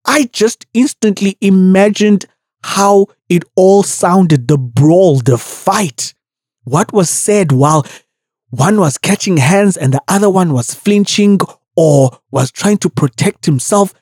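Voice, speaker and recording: A woman's voice: on the low side, slow pace, no room sound, clean studio sound. A woman hosting a podcast, brash and profane in comedic commentary. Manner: brash, profane, animated storytelling. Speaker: podcast host.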